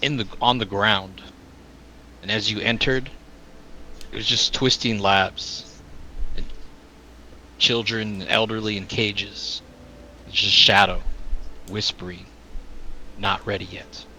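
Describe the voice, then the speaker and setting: A man's voice: on the low side, steady tone, slow, long pauses, sharp tone, a little hiss or hum, poor audio. A man playing in a tabletop game, describing a scene in short, clipped fragments. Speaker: player.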